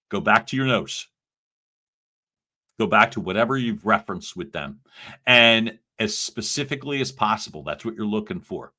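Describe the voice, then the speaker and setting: A man's voice: medium pitch, sharp tone. A man coaching salespeople on a live stream, talking with energy and emphasis and acting out sample phone lines.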